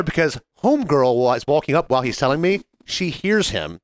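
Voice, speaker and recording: A man's voice: on the high side, fairly quick, dry recording, studio quality. A man co-hosting a podcast, telling restaurant stories in casual chat and acting out customers. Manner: animated storyteller, acts out customers. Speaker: podcast co-host.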